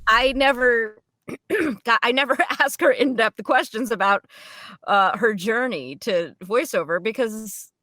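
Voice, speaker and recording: A woman with a bright, fairly high voice chats eagerly about her work. She talks in quick, bubbly bursts full of fillers. The sound is dry and close. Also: dry recording. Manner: bubbly and chatty, many "like" fillers. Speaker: voice actor and podcast co-host. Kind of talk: casual chat.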